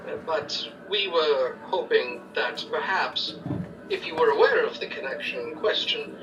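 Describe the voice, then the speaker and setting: A man's voice: fairly high pitch, unhurried, muffled recording, over music, close to an everyday voice. A man playing a courteous noble adventurer in a tabletop game, speaking formally and at length. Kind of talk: tabletop role-play. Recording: distant mic with noise.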